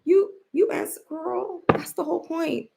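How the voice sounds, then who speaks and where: A woman's voice: very high-pitched, fairly even intonation, measured pace, vocal fry, darkish tone. A woman giving casual commentary, blunt and profane, often rambling and restarting her sentences.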